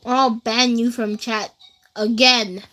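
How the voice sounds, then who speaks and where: Slow-talking teen girl chatting to her stream. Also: a little high, little pitch movement, bright, forceful tone, low-quality recording. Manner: chatty, rambling, many fillers, speaks straight to chat. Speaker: livestreamer. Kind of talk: casual storytelling to a live chat.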